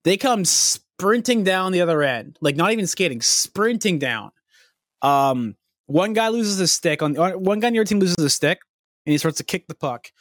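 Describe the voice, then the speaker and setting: A man's voice: high voice, normal speed, dry recording, studio quality. A young man telling a long rambling story on a podcast, swearing freely and getting worked up. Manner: animated, profane, rambling storytelling. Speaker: podcast co-host.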